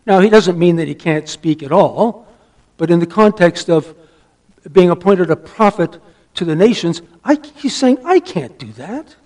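A man preaching a sermon, emphatic, asking rhetorical questions and dropping to a hush for stress. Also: high-pitched, normal speed. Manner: asks the listeners rhetorical questions.

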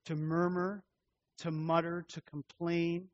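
Pastor, male, fairly high voice, measured expository sermon delivery, dull lo-fi recording. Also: level tone, no echo. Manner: measured expository preaching, repeating phrases for emphasis.

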